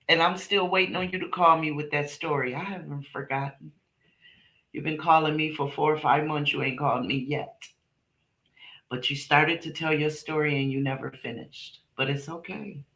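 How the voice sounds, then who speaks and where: A woman's voice: deep voice, steady tone, moderate pace, a bit bright. A middle-aged woman hosting a casual live stream, talking bluntly and emphatically to her viewers, often repeating herself and swearing. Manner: talks directly to chat viewers by name. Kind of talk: casual livestream chat with viewers.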